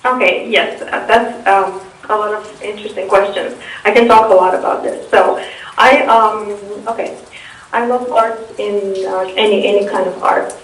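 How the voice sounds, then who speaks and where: A woman's voice: mid-range voice, fairly even intonation, normal speed. A young woman from Eastern Europe with a Russian accent, answering interview questions casually and hesitantly, with many fillers and restarts. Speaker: interview guest. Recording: echoey room, far from the mic.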